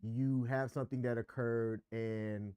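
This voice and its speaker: A man's voice: medium pitch, steady tone, a little slow, dark tone, clear, resonant tone, dry recording. A man co-hosting a relationship podcast, talking candidly and with emphasis, explaining his views at length. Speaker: podcast co-host. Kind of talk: casual relationship chat.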